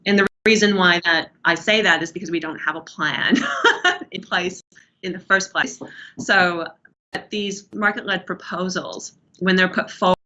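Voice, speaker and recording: An Australian woman researcher giving a measured, explanatory answer in an academic interview, with frequent restarts. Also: on the low side, sharp tone. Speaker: urban planning researcher, interview guest. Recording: muffled, dull audio.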